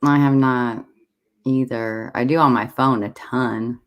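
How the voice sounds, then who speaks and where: An easygoing host talking on a home livestream in a mid-range voice. They speak in a halting, think-out-loud way. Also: mid-range voice, fairly even intonation, smooth, muffled recording. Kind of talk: casual livestream chat. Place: home with many devices running.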